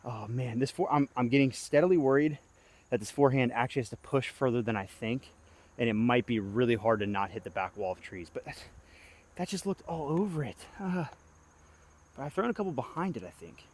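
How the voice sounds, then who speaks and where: This is self-filmed play-by-play from a young disc golf vlogger outdoors, his mid-range voice fairly quick and darkish in tone. Insects chirp as he shifts between pumped-up pleas and groans over every throw.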